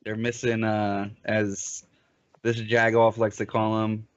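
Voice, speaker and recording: A man's voice: lowish voice, monotone, slow pace. A man doing casual, teasing commentary on a live online hockey league stream. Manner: joking, teasing banter. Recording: dull lo-fi stream audio.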